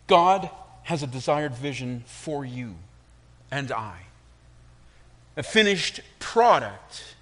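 A man's voice: mid-range voice, expressive, a bit bright. A man preaching a sermon, telling a story and then reflecting on it for his listeners. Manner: slow, storytelling delivery with reflective asides.

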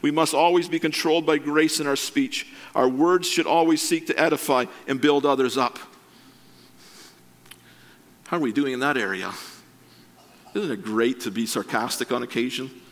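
A man preaching a sermon, earnest and measured, with occasional self-deprecating asides. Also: mid-range voice. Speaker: pastor.

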